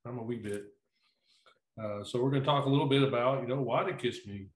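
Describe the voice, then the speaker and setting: A man's voice: medium pitch, fast. Rambling middle-aged man, echoey room. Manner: rambling, repeats himself. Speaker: podcast co-host. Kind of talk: casual chat.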